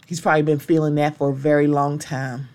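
A woman's voice: low-pitched, little pitch movement, a little fast, a little mellow. Impassioned woman hosting a solo podcast. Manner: impassioned and blunt, with strong language. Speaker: podcast host.

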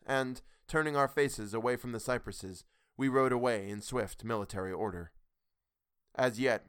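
A man reading a story aloud in a measured, dramatic storytelling manner. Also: on the low side, a bit bright, clean tone, no echo, clean studio sound. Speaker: podcast host reading a story. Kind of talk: audiobook narration.

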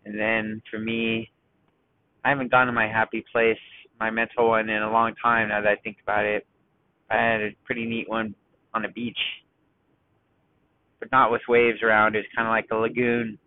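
A man hosting a casual solo podcast, talking in a rambling, self-mocking way and deliberately slowing into a calm voice. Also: lowish voice. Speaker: podcast host. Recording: dry, thin phone-like sound.

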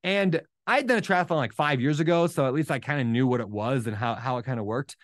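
A man telling a personal story in a casual, animated way, acting out his own thoughts as he goes. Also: mid-range voice, fast, dry recording, clean studio sound. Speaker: podcast host.

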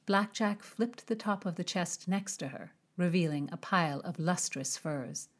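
A woman narrating an audiobook in a measured, expressive storytelling manner. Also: on the low side. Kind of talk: scripted narration of a historical romance.

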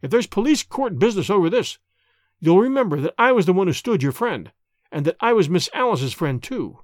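A man's voice: high-pitched, no room sound, studio quality. A man voicing a plain-spoken, loyal middle-aged female servant telling what she knows, in an audiobook reading. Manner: homely, confiding, folksy.

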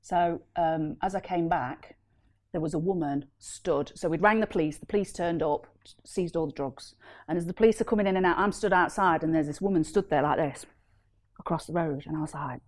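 A woman telling an animated, laughing story as a deal packager on a casual property panel. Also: sits low, brisk. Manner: animated, laughing, acts out voices in her story.

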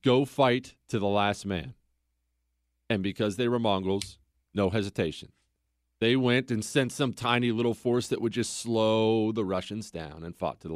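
This is a man hosting a podcast, speaking at a medium pitch. The sound is clean studio audio without any room sound. His approach to history is relaxed and chatty, and he leans heavily on rhetorical questions.

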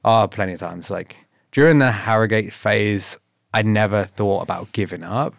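A man's voice: fairly low pitch, normal speed, creaky. A man telling stories in a casual interview, laughing often and swearing as he acts out what others said to him. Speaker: guest.

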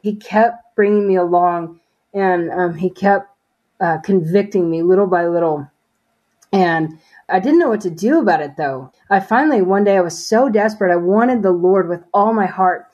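A woman's voice: lowish voice, moderate pace, darkish tone, lo-fi sound. A woman sharing a personal faith testimony as an interview guest, talking earnestly and casually with many fillers.

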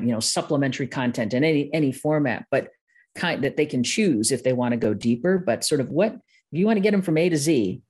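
A woman's voice: very deep voice, darkish tone, breathy edge. A woman from the US Midwest with a Midwestern accent, a guest expert in casual, self-deprecating interview chat who laughs often. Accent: Midwestern American. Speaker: guest, course-creation expert.

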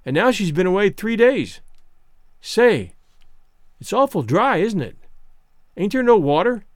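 A small five-year-old girl in a storybook, earnest and grave, her voice high and bouncing with lively swoops, as a man narrator puts her on. The sound is close and dry, with no room around it. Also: measured pace, dry recording. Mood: plaintive. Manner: childlike and earnest.

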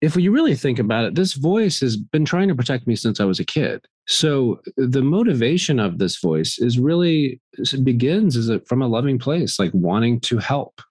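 A middle-aged man talking candidly as an interview guest, earnest and animated, acting out his inner voice at times. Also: medium pitch, moderate pace, few pauses, dry recording, studio quality. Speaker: guest actor.

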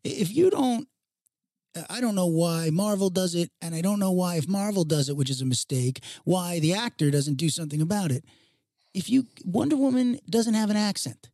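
A man's voice: high-pitched, animated, normal speed, dark tone, dry recording. Emphatic opinionated man, dry sound. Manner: opinionated, emphatic, rhetorical questions. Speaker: podcast co-host. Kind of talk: casual chat.

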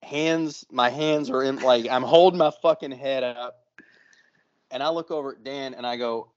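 A man hosting a podcast, telling a long story in a casual, profane, animated way. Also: medium pitch, moderate pace, dull audio. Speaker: podcast host.

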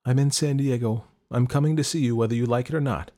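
A man's voice: fast talker, dark tone, natural voice. A man voicing an older woman who fires accusing questions at a man who lied to her. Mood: determined. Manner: pleading then accusing, rising higher as she gets upset. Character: older woman, angry, hurt and suspicious.

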